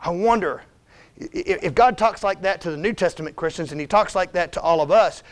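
A man's voice: high voice, a little fast. A man preaching a sermon in a church as a visiting missionary, emphatic and conversational, urging his listeners with "listen" and "come on now". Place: church sanctuary.

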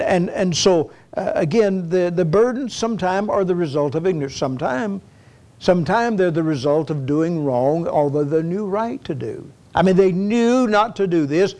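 A man's voice: on the high side, dark tone. A middle-aged man preaching a sermon, retelling a story with many repeated words and rising to emphatic peaks. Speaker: pastor.

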